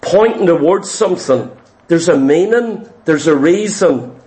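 A man's voice: a little high, expressive, a little slow, dark tone. A man preaching a sermon, emphatic and full of repeated rhetorical questions.

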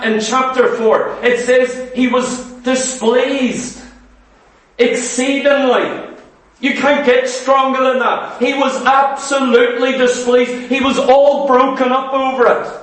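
A man's voice: extremely high pitch, a bit bright. A man preaching a sermon with passion, full of rhetorical questions and mock voices of his hearers. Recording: very echoey hall, voice from far off.

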